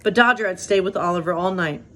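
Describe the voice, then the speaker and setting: A woman's voice: fairly low pitch, quick pace, a bit bright. A woman pastor chatting with rambling asides, then reading a bedtime story aloud.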